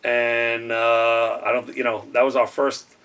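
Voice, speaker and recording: A man who coached the team, recalling games in an interview with frequent pauses and fillers. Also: medium pitch, little pitch movement, a bit bright, far from the mic, slight background noise. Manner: halting, lots of fillers. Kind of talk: interview recollection.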